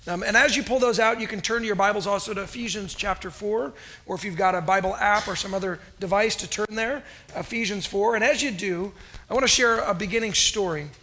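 A man's voice: high-pitched, a little fast, bright, forceful tone. A man preaching a sermon in a church, upbeat and chatty, joking with the congregation. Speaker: pastor. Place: church sanctuary.

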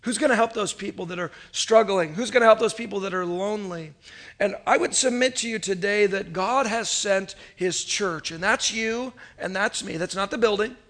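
A pastor in his thirties preaching to his congregation with a high, bright, ringing voice. He tells stories with a lot of energy, swinging from hushed asides to loud, punchy lines. He keeps asking the people in the room to repeat his words back to him. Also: normal speed. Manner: animated, storytelling, swings between loud and soft; calls on the congregation to repeat phrases. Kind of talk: sermon.

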